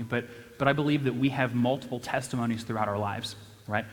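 A young man telling a funny personal story to an audience at a church event, animated and self-deprecating, with lots of restarts and "right?". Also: mid-range voice. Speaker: church speaker. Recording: long hall reverb.

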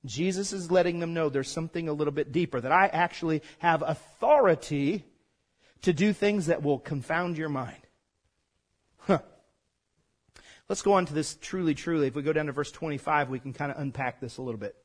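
A man's voice: on the high side, fairly quick. A man preaching a sermon as pastor, conversational and folksy, prompting the congregation to call back.

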